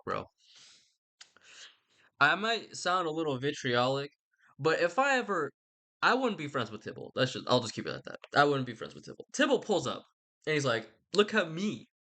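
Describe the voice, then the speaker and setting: A man's voice: mid-range voice, bright, forceful tone. Irreverent young man rambling casually. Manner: irreverent, swearing, slangy, self-interrupting. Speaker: channel host.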